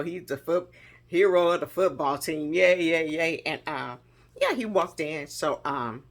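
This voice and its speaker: A woman telling a funny childhood story, animated and laughing often as she goes. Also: on the low side. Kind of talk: storytelling a personal memory.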